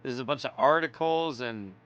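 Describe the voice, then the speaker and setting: A man's voice: medium pitch, moderate pace, a bit bright, clean tone, highs cut off. A young American man streaming, chatting casually and reacting with loose slang, frequent swearing and laughs. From United States.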